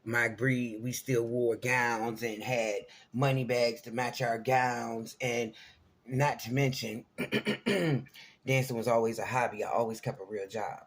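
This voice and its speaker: A man's voice: medium pitch, fairly even intonation, slow. A middle-aged man telling a personal story to camera in a casual, rambling way, often checking in with his listeners. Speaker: vlogger.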